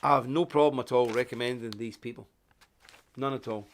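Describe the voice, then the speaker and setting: Reading from a paper and saying hello to viewers, this middle-aged Northern Irish man hosts a live online commentary in a rambling, indignant way. His medium-pitched voice stays steady and goes a little fast, and he coughs. There's slight background noise.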